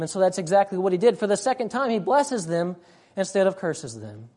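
A woman's voice: mid-range voice, expressive, a little fast, warm tone. A woman preacher delivering a sermon, emphatic, repeating her points and often urging "listen".

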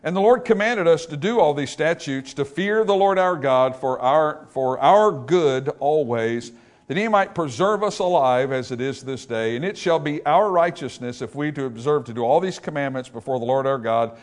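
A man's voice: fairly high pitch, animated, moderate pace. Man preaching with rising emphasis. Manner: builds to loud emphatic repetition, asks the congregation questions. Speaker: pastor. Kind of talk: sermon.

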